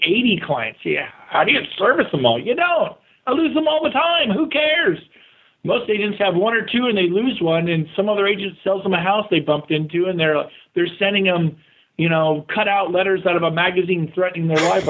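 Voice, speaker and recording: A man talking as a guest in an interview, energetic and motivational, speaking in quick bursts and acting out the voices of the people he quotes. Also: high-pitched, low-quality recording. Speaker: real estate agent and guest. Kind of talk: casual interview talk.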